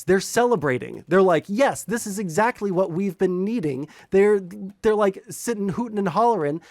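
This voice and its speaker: A man arguing politics in a heated, rambling and profane way, in bursts of fast talk. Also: a little high, no room sound. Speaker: debater.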